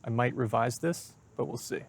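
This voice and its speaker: A man speaking as a guest in a casual conversation, measured and thoughtful as he works through ideas. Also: medium pitch, vocal fry, no room sound. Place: outdoors on a college campus.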